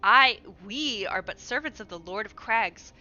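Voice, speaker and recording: A woman's voice: on the high side, expressive, measured pace, pushed and bright, lo-fi sound, soft background music, full character voice. A woman voicing a stern, bitter old male kobold patriarch in a video game, declaiming his lines. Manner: commanding, declamatory.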